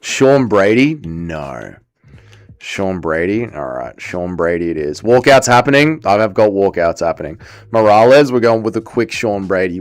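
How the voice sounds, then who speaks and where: A young man live-streaming, chatting casually and excitably while he plays, swearing and reading chat aloud. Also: medium pitch. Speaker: livestreamer.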